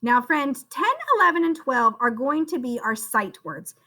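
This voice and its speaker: High, lively woman teaching phonics. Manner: slow, sing-song, encouraging, calls the listener "friend". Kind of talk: phonics spelling lesson for young children.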